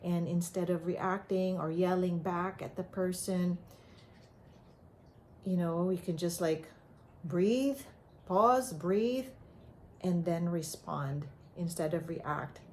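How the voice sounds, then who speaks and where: A woman giving a motivational self-help talk in a calm, gentle, conversational way, with frequent fillers and repeated phrases. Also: lowish voice, takes it slowly, slight background noise.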